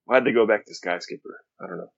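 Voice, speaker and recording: A man co-hosting a casual gaming chat, relaxed and hesitant, with many fillers. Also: on the low side, fast, creaky, no echo, lo-fi sound.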